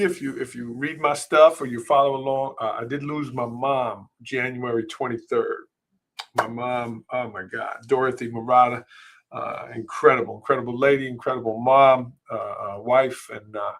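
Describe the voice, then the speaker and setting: A middle-aged man with a medium-pitched, somewhat bright voice hosts a live podcast. He tells a personal story emotionally and haltingly, full of fillers and restarts.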